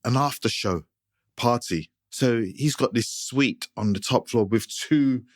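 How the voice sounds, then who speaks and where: A man's voice: mid-range voice, a little slow, dry recording, studio quality. A man guest in a casual interview, telling stories in an easygoing, anecdotal way. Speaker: guitarist, guest.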